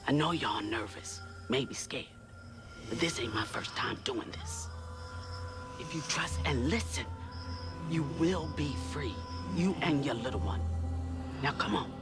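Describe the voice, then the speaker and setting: An actor playing a weary man who leads runaways to safety, speaking in a low urgent whisper. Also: animated, a little slow, long pauses, natural voice. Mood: hushed urgent. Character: weary Southern man guiding runaways at night. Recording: game audio with music underneath.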